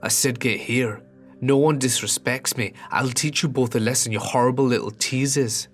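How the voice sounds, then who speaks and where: A man doing a rough-voiced Irish creep. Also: mid-range voice, expressive, moderate pace, soft background music, close to an everyday voice. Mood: angry. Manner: leering, then ranting and angry.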